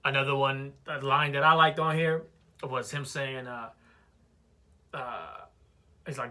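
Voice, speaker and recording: A man's voice: medium pitch, flat delivery, normal speed, bright, forceful tone. A young adult man giving a casual, conversational album review, with loose phrasing and lots of fillers.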